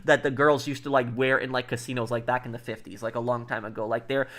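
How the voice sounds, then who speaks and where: Fast-talking rambling male streamer. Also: mid-range voice, level tone, fairly bright tone. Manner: rambling, many fillers and restarts. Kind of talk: casual livestream chat.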